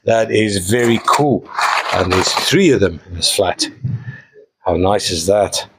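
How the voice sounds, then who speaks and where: A man's voice: on the low side, slow, noisy background. A man hosting a live mineral and fossil sale, talking casually and enthusiastically, with jokey asides. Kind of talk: casual live sales presentation.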